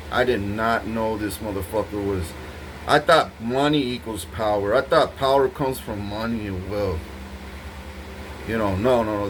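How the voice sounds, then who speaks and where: In a low-quality recording with a touch of hiss or hum, a somewhat low-voiced man with a fairly bright tone talks to the camera. He addresses his partner directly in a rambling, intense monologue thick with profanity.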